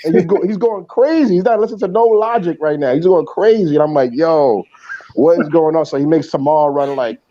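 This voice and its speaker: A man and former coach chatting casually, telling animated stories and acting out other people's lines. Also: fairly high pitch, brisk, muffled recording, noisy background. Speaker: former coach, podcast co-host. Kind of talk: casual chat.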